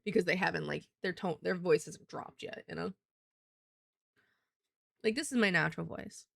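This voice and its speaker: A woman's voice: lowish voice, normal speed, vocal fry, no echo, studio quality. A young woman streaming live, chatting casually with her viewers while she works. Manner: chatty, demonstrates voices.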